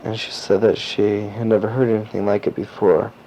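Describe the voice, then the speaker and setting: A teenage boy recording a personal audio diary, rambling and halting with lots of fillers and restarts. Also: on the low side, flat delivery, mellow. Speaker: diarist. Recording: dull lo-fi cassette tape with faint hiss.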